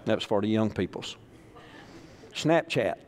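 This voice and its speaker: A man's voice: lowish voice, lively intonation, unhurried, background noise. A man from Arkansas, preaching a sermon as pastor in a folksy, joking style that calls on the congregation to repeat after him. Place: church sanctuary. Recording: echoey church hall.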